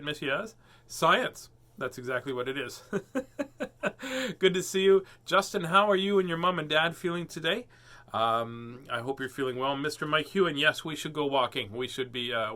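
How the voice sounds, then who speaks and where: A man hosting a casual livestream before reading children's books, joking, chatting with viewers and laughing often. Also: a little high. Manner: playful, jokey, sings silly warm-ups and laughs often.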